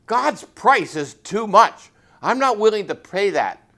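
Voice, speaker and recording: A jovial, cocky police sergeant barks and bargains at a gambling table, as a storyteller puts him on. The voice jumps high above the teller's own and comes out loud and brash. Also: male voice, big pitch swings, slow pace, exaggerated voice. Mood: loud defiant.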